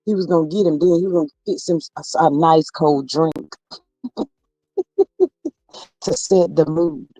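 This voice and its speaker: A woman's voice: sits low, fairly even intonation, measured pace, long pauses, dark tone, no room sound. A woman hosting a livestream, chatting casually about celebrity gossip, reading viewer comments aloud and exclaiming often. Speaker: livestream host.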